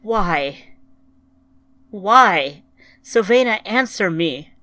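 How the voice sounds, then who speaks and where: A woman's voice: medium pitch, expressive, slow, fairly bright tone, dry recording. A woman voicing a grieving female android, her voice shaking as she pleads. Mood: anguished.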